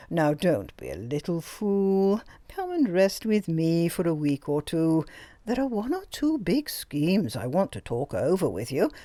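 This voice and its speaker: A woman reading an audiobook voices a domineering older princess who speaks slowly, coldly and sarcastically. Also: low-pitched, darkish tone, no echo. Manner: slow, cold, sarcastic. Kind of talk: audiobook character voice.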